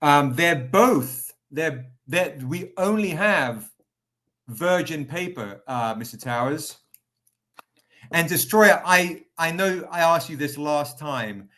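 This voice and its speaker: A man's voice: a little high, lively intonation, slow pace, a bit bright. A man hosting a casual live stream, chatty and upbeat, greeting viewers by name while selling comic editions. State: recovering, tired.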